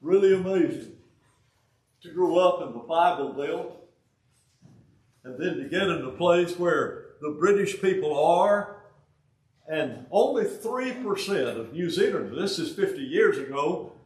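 An elderly Southern US man in his eighties preaches a sermon in a folksy manner, with joking asides and halting restarts. His voice sits slightly high for a man. The recording picks him up from a distance in a roomy, echoing hall. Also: lively intonation. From Alabama, US. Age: 80s.

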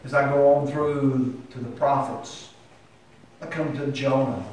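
A man's voice: medium pitch, steady tone, measured pace, a little mellow. A man preaching a sermon with impassioned delivery that climbs to emphatic peaks. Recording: echoey hall heard from a distance.

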